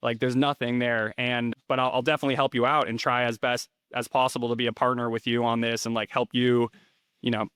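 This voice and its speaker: Smooth-voiced rambling man, dry sound. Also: mid-range voice, a bit bright, dry recording. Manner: rambling, filler-heavy, restarts often. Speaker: interview guest, rental investor. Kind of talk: casual interview chat.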